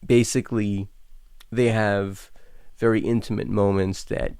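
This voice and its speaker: A man's voice: lowish voice, little pitch movement, measured pace, darkish tone, clean tone, no room sound. A young man hosting an anime reaction, talking casually in long rambling thoughts that stammer and restart often.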